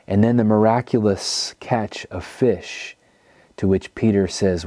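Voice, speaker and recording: A man's voice: lowish voice, measured pace, warm tone, no room sound. A man preaching a teaching sermon, telling the story and acting out quoted speakers. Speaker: pastor.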